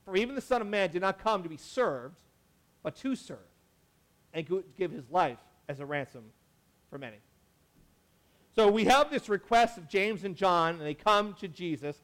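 A pastor with a high, fairly bright voice and lively intonation preaches at a moderate pace, pausing often. His sermon is casual and conversational, with lots of "like," frequent self-corrections, and acted-out quotes of the people he mentions.

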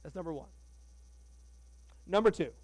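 A man preaching a sermon as pastor, animated and conversational, joking with the congregation. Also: a little high, moderate pace, no room sound, poor audio.

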